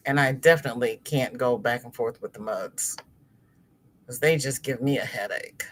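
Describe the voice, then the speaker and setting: A middle-aged woman hosting a crochet livestream, chatting casually with viewers and reading their comments aloud, chatty and expressive, with sudden exclamations. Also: very deep voice, moderate pace.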